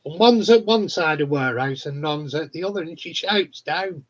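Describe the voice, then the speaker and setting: A man's voice: a little high, normal speed, few pauses. A man chatting casually on a live stream, telling funny stories, swearing freely and laughing often. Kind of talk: casual chat. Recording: dull lo-fi sound.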